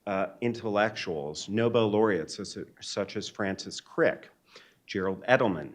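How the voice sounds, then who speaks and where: A man, a neuroanesthesiologist, giving a keynote lecture in a measured, earnest and reflective way. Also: fairly low pitch. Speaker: keynote speaker. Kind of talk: academic lecture. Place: lecture hall.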